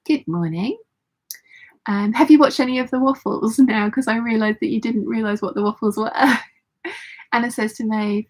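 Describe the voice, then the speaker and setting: A woman hosting a casual sewing vlog, chatting brightly with many restarts as she reads out viewer comments from her sewing room at home. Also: on the high side, lively intonation, moderate pace, slightly rough. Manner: chatty, bubbly, with frequent restarts. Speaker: sewing vlogger host. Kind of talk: casual live chat reading viewer comments.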